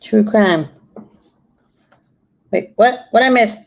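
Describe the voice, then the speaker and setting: A woman's voice: mid-range voice, takes it slowly, vocal fry. A woman in her twenties chatting casually on her live stream, cussing freely and laughing often. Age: 20s. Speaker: YouTuber.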